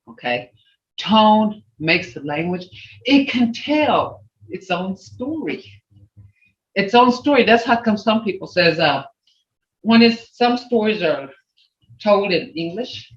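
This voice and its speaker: A language teacher on a video call who repeats words and swoops the pitch to show tones. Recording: roomy, dull lo-fi video call audio.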